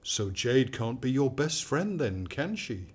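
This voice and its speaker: An actor playing a sinister, controlling male AI companion who talks in a calm, soothing, manipulative way in a radio drama. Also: mid-range voice, a little slow, husky. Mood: coaxing.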